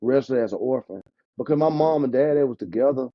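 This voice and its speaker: A man, an insurance agent chatting casually as a podcast guest, lively and quick to laugh. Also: mid-range voice, no echo. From Alabama, US. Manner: animated, talkative, laughs often. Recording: dull, dry lo-fi sound.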